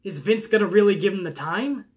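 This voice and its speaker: A man's voice: high voice, animated, fairly quick. A young man hosting a casual podcast, chatting enthusiastically as he reads out viewer questions and riffs on the answers. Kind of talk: casual chat.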